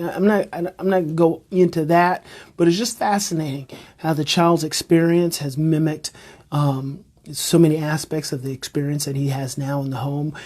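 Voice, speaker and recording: A man with a husky, slightly breathy voice, speaking live to viewers as a parenting educator. He hammers home his points by repeating phrases and asking rhetorical questions, and he sounds emphatic and engaged. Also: fairly high pitch, darkish tone. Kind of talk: live-streamed talk to viewers.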